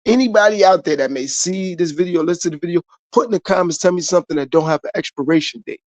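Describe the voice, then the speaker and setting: A man's voice: high voice, fast, dry recording. A man hosting his own podcast, giving a repetitive motivational monologue straight to his viewers. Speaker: podcast host.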